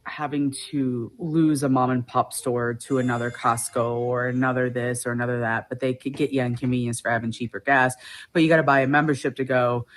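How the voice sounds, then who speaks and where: A woman vlogger ranting casually to the camera, agitated as she retells her arguments. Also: a bass voice.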